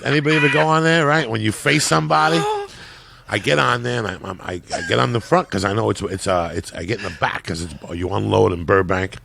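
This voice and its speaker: Man, gravelly voice, lowish pitch, loud profane storyteller, podcast guest. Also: fast, a little hiss or hum. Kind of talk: casual chat.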